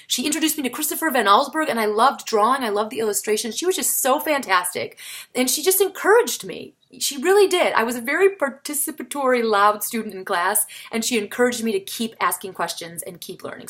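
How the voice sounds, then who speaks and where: A woman talking casually to the camera in a vlog, chatty and animated, with sudden jumps in pitch for emphasis. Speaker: vlogger, comedian and solo performer.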